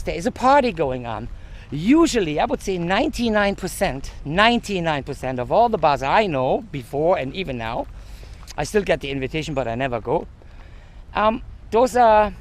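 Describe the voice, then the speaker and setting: A male vlogger sweating in the heat while he rants outdoors, swearing and stopping to hunt for words. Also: a little high. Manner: heated and swearing, often searching for words. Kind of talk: casual ranting monologue.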